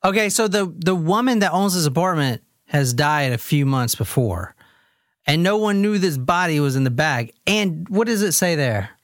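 Expressive woman telling a true-crime story. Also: sits low, normal speed, dry recording, studio quality. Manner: expressive, laughs often, varies pace. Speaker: host.

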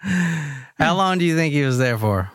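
A woman hosting and telling a true-crime case in casual chat, expressive and laughing often. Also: low voice, measured pace, no room sound, clean studio sound. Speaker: host.

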